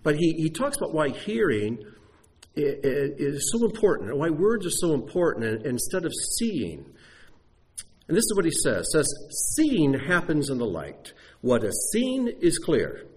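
A male preacher teaching from Scripture with a lively, sweeping voice that rises and falls. He explains Hebrew words carefully and builds his points step by step. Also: fairly high pitch, unhurried. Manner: animated teaching delivery, spelling out Hebrew words. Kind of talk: sermon teaching.

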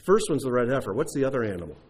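A man's voice: medium pitch, very animated, racing, a little mellow, husky. A man teaching a sermon in a conversational way, asking the listeners rhetorical questions. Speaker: Bible teacher.

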